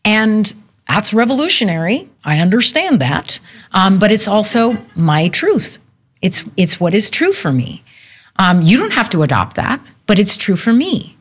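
A woman's voice: medium pitch, sing-song, a little slow. A woman in her fifties talking as a guest in a candid conversation, reflective and earnest, laughing easily. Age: 50s.

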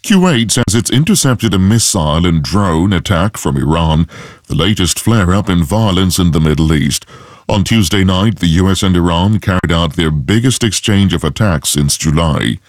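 Deep-voiced male newsreader. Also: lively intonation, no room sound, studio quality. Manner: measured, formal delivery. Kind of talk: scripted news bulletin. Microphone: close studio mic.

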